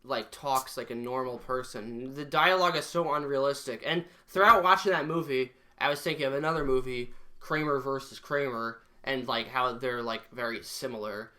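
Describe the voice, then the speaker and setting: A man's voice: mid-range voice, normal speed, few pauses, bright, forceful tone. A young man co-hosting a comedy podcast, rambling through crude, joking banter. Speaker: podcast co-host. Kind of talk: casual comedic chat.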